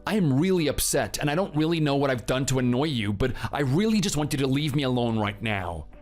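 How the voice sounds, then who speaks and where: A man's voice: medium pitch, animated, brisk, a little mellow, natural voice. A man playing a husband in a dramatized story, curt and defensive toward his partner. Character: cold, defensive young husband.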